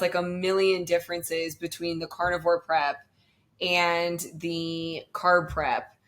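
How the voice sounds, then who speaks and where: A woman's voice: on the low side, a bit bright. A young woman talking casually about her bodybuilding prep, chatty and full of fillers. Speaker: bodybuilding competitor, guest. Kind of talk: casual podcast chat.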